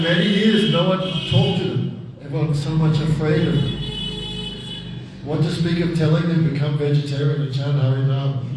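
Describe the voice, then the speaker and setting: Guy telling a sermon story, acts out the voices, sounds far from the mic in a really echoey room w/ faint hiss. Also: a little high. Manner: animated storyteller, acting out characters' voices. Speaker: spiritual teacher. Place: class hall.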